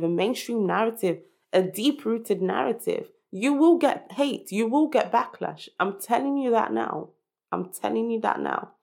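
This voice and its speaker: A woman's voice: mid-range voice, creaky. A young woman hosting her own podcast, talking through her story in an earnest, reflective monologue with many restarts. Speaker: podcast host. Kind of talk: personal monologue.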